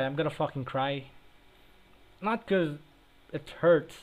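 Young male podcast co-host, foul-mouthed and giggly, voice sits a touch high. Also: takes it slowly, poor audio. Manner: profane, joking, self-deprecating, laughs often. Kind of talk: casual crude chat. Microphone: remote call, cutting in and out.

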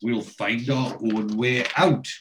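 A man's voice: medium pitch, fairly even intonation, slow pace, slight background noise, rough recording. A man hosting a casual chat, retelling TV scenes and quoting the characters' lines in a storytelling way. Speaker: podcast host.

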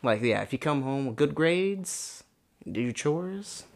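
A man's voice: fairly high pitch, expressive, measured pace, gravelly. A man in his twenties, a podcast co-host chatting casually and rambling, filling his talk with "like". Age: 20s. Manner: rambling, fills speech with "like". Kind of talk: casual chat.

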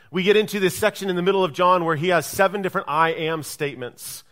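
A man's voice: sits high, fast, hardly any pauses, a bit bright. A male pastor preaching a sermon, who keeps checking in with listeners by asking "right?" and acts out the quoted speech in his story. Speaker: lead pastor.

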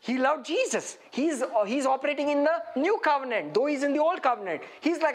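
A man preaching an interactive sermon, animated and putting questions straight to his listeners. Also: very high voice, brisk.

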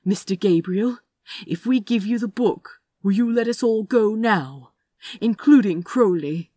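A woman voicing a prim, formal gentleman who speaks in polite, clipped, insistent phrases. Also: lowish voice, takes it slowly, slightly rough, no room sound, studio quality, exaggerated voice.

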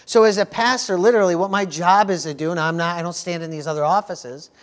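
A man's voice: sits high, fairly even intonation, fast. A male pastor preaching a sermon at a church service, earnest and repetitive, often stopping to ask the congregation for an amen. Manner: earnest preaching, frequent call-outs for "amen", repeats words.

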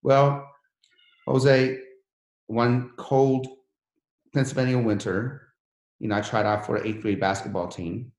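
Speaking slowly with frequent pauses, this interview guest recounts his life as a former refugee, earnest and motivational in tone. His medium-pitched voice is a little mellow and barely moves in pitch, heard in an echoey room.

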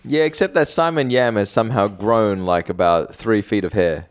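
A man's voice: lowish voice, normal speed. A man in a casual podcast chat, adding plot details and puns. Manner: punning, adds plot details.

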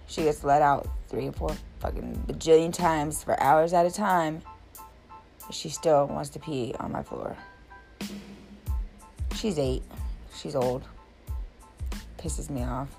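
A woman's voice: low-pitched, creaky, darkish tone. A woman venting about her day in a blunt, exasperated rant full of swearing. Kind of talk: casual profane rant.

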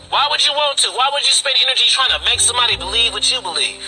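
A man's voice: very high voice, expressive, racing, pushed and bright, faint music behind, poor audio. A man hosting a casual podcast monologue, boastful and swaggering, with profane street slang. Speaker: podcast host. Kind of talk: casual live-stream monologue.

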